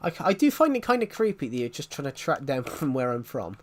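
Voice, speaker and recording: Rambling streamer with a Southwest English accent. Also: male voice, mid-range voice, sing-song, a little fast. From southwest England. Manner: rambling, answers viewers' questions. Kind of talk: casual live-stream chat.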